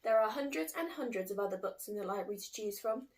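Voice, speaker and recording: A woman reading a children's storybook, voicing a calm older brother who patiently explains things to his little sister. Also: mid-range voice, fast talker, close to an everyday voice.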